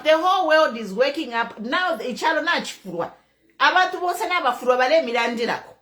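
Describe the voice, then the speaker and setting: A woman's voice: sits high, animated, fast talker, fairly bright tone. A middle-aged Zambian woman giving impassioned political commentary, emphatic and repeating her key points. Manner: emphatic, repeats key phrases, mixes in local language. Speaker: online commentator.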